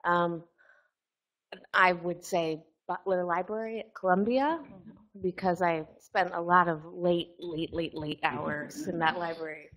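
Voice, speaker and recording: A woman's voice: lowish voice, steady tone, unhurried, a bit bright. A woman program associate introducing herself casually at a panel event.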